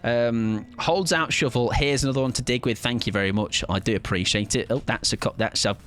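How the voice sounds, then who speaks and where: A man's voice: medium pitch, normal speed, a bit bright. A man streaming a game, chatting casually in a self-mocking, playful way. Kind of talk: casual gaming commentary.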